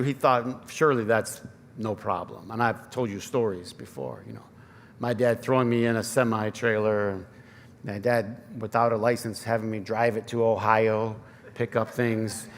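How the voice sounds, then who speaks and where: A man's voice: mid-range voice, normal speed, a bit bright, slight background noise. A man in his thirties preaching a conversational, self-deprecating sermon with personal stories, in a Michigan accent. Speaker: pastor. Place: church sanctuary. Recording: long church reverb, faint ambience.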